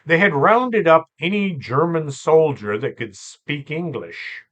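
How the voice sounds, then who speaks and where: A man hosting a storytelling show, relaxed and chatty, with asides and fillers. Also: fairly high pitch, a little slow, muffled recording. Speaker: host and storyteller. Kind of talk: conversational storytelling podcast.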